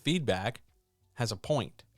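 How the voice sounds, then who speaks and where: Man, writing coach, emphatic casual teaching, mid pitch, dry close sound. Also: lively intonation, takes it slowly, no room sound, soft background music. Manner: emphatic, fires off rhetorical questions. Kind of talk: casual instructional talk.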